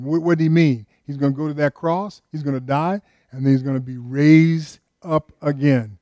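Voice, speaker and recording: An older male pastor preaches in an emphatic, questioning way, pressing his listeners for answers. His voice sits a bit high for a man. The sound is close and dry, with no room around it. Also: fairly even intonation, normal speed, few pauses, mellow, dry recording. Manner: emphatic, asks the congregation many questions. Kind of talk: sermon.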